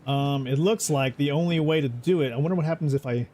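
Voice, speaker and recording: Game music plays behind a man giving loose, easygoing commentary on his gameplay, wandering off topic and self-correcting mid-sentence. His voice is a little high, fast and dark in tone.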